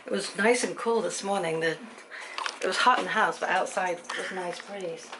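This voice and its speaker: A woman's voice: fairly low pitch, normal speed, noisy background. A middle-aged woman chatting at home in a rambling vlog, acting out the people she quotes. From Britain. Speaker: vlogger.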